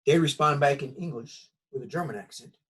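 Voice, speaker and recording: Fairly quick and husky, a mid-range male voice delivers a recorded college lecture with a Southern American accent. The mic is distant, and the instructor keeps things folksy, conversational and full of lively stories.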